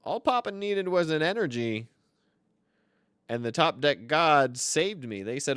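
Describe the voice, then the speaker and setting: Lively, bright-voiced boastful man. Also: fairly high pitch, measured pace, clear, resonant tone, no echo, studio quality. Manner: boastful, theatrical, swings between loud outbursts and mutters. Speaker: card game YouTuber. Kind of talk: comedic gameplay commentary.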